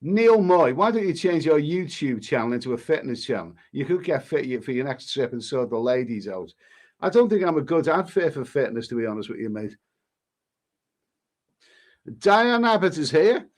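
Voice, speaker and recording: A travel vlogger reads viewer comments aloud on his casual live stream, answering with cheeky banter and repeatedly restarting what he says. He speaks at a normal speed in a very animated, mid-range voice.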